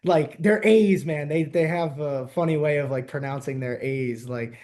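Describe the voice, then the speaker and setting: A young man from the New Jersey–New York area, hosting a podcast in casual, animated chat and laughing often. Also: fairly high pitch, normal speed. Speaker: podcast host.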